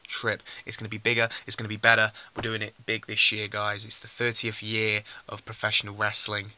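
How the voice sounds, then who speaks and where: A young man, vlogging casually about his trip and getting loud and excited when he meets his friends. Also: on the low side, brisk. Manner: chatty, gets excited and shouty with friends. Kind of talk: casual travel vlog. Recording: noisy handheld camera audio.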